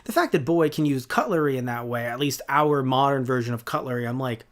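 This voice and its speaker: A podcast host in his twenties gives a casual review, rambling and sarcastic, packed with fillers, restarts and self-corrections. His mid-range voice is animated and brisk.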